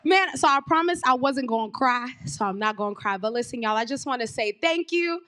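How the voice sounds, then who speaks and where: A woman's voice: on the high side, brisk, slight background noise. A woman from Brooklyn, hosting a live stage show with lots of energy, calling out to the crowd. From Brooklyn, New York. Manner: energetic, hype, addresses crowd as y'all. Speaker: show host. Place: stage of a performing arts venue.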